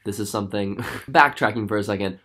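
A man's voice: fairly low pitch, fairly quick, fairly bright tone. A man from Minnesota vlogging to a handheld camera while tired and jet-lagged. He rambles, mocks himself and laughs between lines. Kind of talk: casual vlog chat to camera. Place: traveling, indoors and out.

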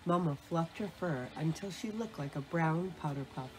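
Gentle woman reading a bedtime story. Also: low-pitched, animated, moderate pace, poor audio. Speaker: storybook reader. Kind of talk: bedtime story read-aloud.

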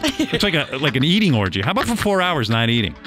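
A man's voice: fairly high pitch, big pitch swings, fast talker, over music. A man hosting a radio show, teasing his staff in casual banter. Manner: teasing, mocking.

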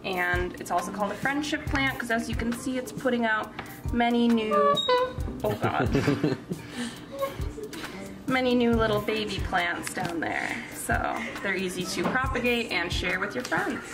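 A woman's voice: mid-range voice, big pitch swings, a little slow. A young woman co-hosting a casual home show, chatty and self-mocking with crude asides, touring her houseplants. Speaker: cooking show co-host giving a plant tour. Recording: roomy, from a distance, with music behind.

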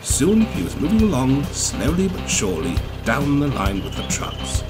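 A man narrating a storybook in a steady, lower telling voice. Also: moderate pace. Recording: music playing behind.

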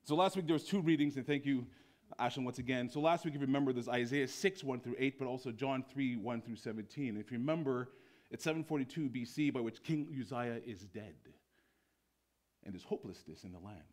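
A man's voice: mid-range voice, fairly quick, darkish tone. A man preaching a sermon in church. He tells stories playfully and acts out the voices he quotes.

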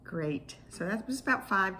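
A woman's voice: medium pitch, lively intonation, normal speed, sharp tone. A woman speech-language pathologist leading an online exercise class, explaining each step patiently in clinical terms, with small restarts.

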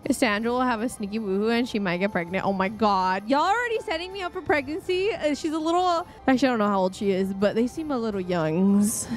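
A woman hosting a gaming video, chatting casually and reacting out loud to what happens on screen. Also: medium pitch, lively intonation, quick pace, hardly any pauses, faint music behind. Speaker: gaming channel host. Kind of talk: casual let's-play commentary. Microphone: desk microphone.

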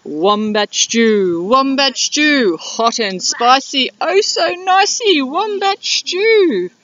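Sly boastful male dingo cook, slow and lively in pitch, read by a woman, storybook. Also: a little hiss or hum. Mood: sing-song. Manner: slow sing-song chanting. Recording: dull lo-fi video sound.

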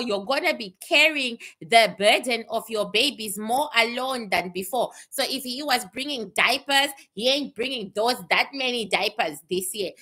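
A woman psychic giving blunt, swearing predictions, with laughing asides and questions she answers herself. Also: a little high. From Canada. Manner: animated, asks and answers itself. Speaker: psychic reader.

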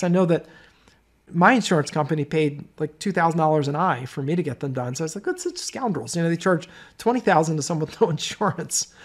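A middle-aged man hosting a webinar, telling stories in a chatty way with many asides. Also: a little high. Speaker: webinar host. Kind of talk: webinar sales talk.

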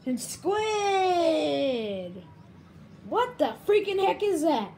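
A woman playing with toys and acting out scenes in excitable voices, prone to shouty outbursts, over a faint hiss. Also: extremely high pitch, extremely slow. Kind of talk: toy play with character voices.

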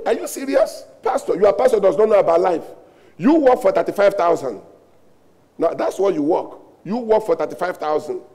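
High-pitched Nigerian pastor preaching emphatically. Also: male voice, dark tone, slightly rough. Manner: emphatic preaching with rhetorical questions and repetition. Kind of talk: sermon.

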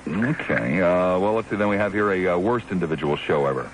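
A man hosting a call-in radio talk show, teasing callers and jumping around in pitch as he talks. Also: fairly quick, background noise. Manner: lively, teasing, jumps in pitch.

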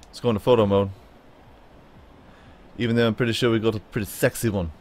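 His tone is steady and a little mellow, though the pace is quick, as this gaming YouTuber chats playfully through gameplay to his car and viewers. He bounces into high, silly voices, and slight background noise is present.

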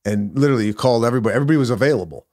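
A man who is a comedian guest on a podcast, chatting casually and often pausing to search for words. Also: medium pitch, expressive, darkish tone, no room sound, studio quality. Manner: halting, searching for words with many uhs. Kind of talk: casual chat.

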